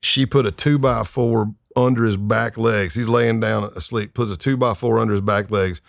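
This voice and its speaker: Gravelly low-voiced man telling stories. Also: fairly even intonation, moderate pace, no room sound, clean studio sound. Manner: laid-back, wry, laughs while telling stories. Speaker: guest, retired undercover agent. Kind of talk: anecdotal storytelling in a podcast interview.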